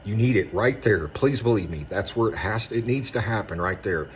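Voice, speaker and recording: A man, an Army veteran, gives a raw spoken monologue, hammering short phrases with intensity and often dropping to a hushed voice. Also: lowish voice, animated, normal speed, a little hiss or hum. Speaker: Army veteran speaking on moral injury.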